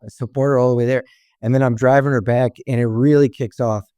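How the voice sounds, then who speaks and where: A man's voice: medium pitch, steady tone, fast, warm tone, clean tone, no room sound. A young man and stand-up comedian, a podcast guest, telling loose, profane stories with laughs. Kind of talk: casual storytelling chat.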